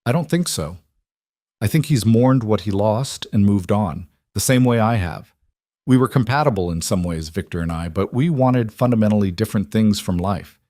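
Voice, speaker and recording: A man voicing a composed, reflective woman in a narrated story, speaking in a calm, measured way. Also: fairly low pitch, no echo, close to an everyday voice. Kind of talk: audiobook narration.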